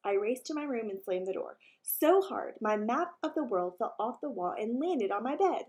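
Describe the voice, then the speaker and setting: A woman teacher reading a children's book aloud, expressive storytelling. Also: a little high, moderate pace, dull audio.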